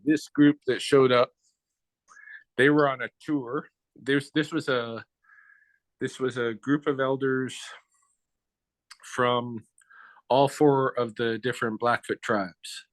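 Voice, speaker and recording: A man tells a story in an interview, speaking bluntly and casually, with frequent swearing and slang. His voice sits in an ordinary middle pitch. The sound is dry and close, with no room around it. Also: fairly even intonation, takes it slowly, long pauses, no room sound.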